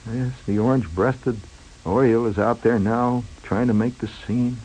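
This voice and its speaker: A man's voice: medium pitch, fairly even intonation, moderate pace, darkish tone, husky, low-quality recording. A man telling a rambling, wry story in a monologue, digressing often and chuckling as he goes.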